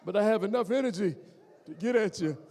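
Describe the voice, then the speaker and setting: A man's voice: sits high, quick pace, creaky. A man from the American Midwest doing teasing stand-up comedy and crowd work before a live audience in a church hall. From Gary, Indiana, USA. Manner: animated, teasing, talks straight to the audience.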